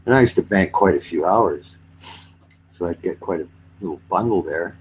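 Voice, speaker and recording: Rambling man with a low voice. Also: moderate pace, slight background noise, low-quality recording. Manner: rambling, mimics accents for laughs. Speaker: retired railway worker. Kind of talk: casual chat.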